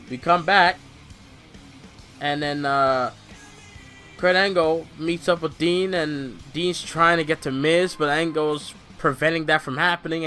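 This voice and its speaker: A young man recaps a wrestling show in a loose, rambling monologue, cursing and punching out quoted lines. His voice sits a little high and sounds bright and tense. Faint music plays underneath. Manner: rambling, profane, acts out quotes in bursts.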